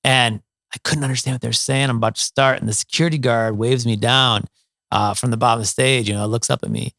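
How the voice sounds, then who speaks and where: A man's voice: mid-range voice, fairly even intonation, fast, gravelly, a bit bright, no room sound, studio quality. A middle-aged man from Ohio, a musician, telling stories in a casual interview, with many fillers and restarts. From Toledo, Ohio, USA. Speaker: guest, musician.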